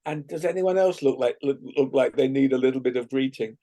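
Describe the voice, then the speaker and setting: A man leading a guided laughter exercise over a video call, playful and gently coaxing, often laughing. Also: medium pitch, a little fast. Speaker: laughter workshop leader.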